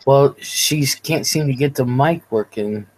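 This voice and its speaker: Speaking at a measured pace, this Ohio livestream host in her forties has a rumbling low, darkish voice. She keeps things casual, chatting and reading out comments from her live chat.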